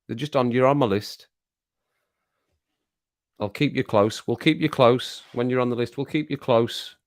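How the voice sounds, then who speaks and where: Middle-aged guy on a live stream, jokey, laughs a lot, says stuff twice, mid pitch voice. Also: moderate pace. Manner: jokey and teasing, laughs often, repeats phrases. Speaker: livestream host reading chat. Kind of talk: casual live-stream chat.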